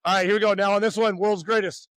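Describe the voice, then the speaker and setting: A man coaching young pitchers through a warm-up, loud and upbeat, teasing the players between drills. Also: steady tone, fast talker, clean tone, no room sound, clean studio sound.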